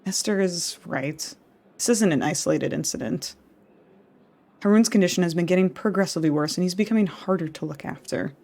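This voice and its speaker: Woman reading a stubborn older wife, low-pitched and firm, from a dating game. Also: a little fast, creaky, a little mellow. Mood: remorseful. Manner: stubborn, then weary and remorseful. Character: proud older woman caring for her ailing husband.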